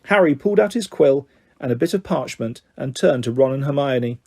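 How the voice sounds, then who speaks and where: A man's voice: medium pitch, animated, fairly quick, gravelly, a little mellow. A man narrating an audiobook, telling the story steadily and voicing the dialogue. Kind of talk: scripted narration.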